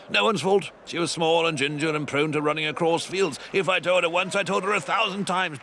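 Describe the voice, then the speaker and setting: A man's voice: fairly high pitch, noisy background, natural voice. A man voicing a pompous, rambling upper-class English commentator with a callous, offhand manner, in comic commentary over old sports footage.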